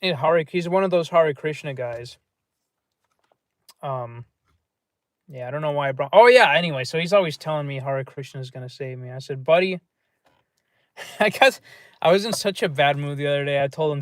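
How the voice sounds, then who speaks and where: A man's voice: a little high, normal speed, long pauses, no echo, studio quality. Gloomy, cursing man on a livestream. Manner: gloomy, profane, rambling. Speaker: livestream host. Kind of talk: casual livestream chat.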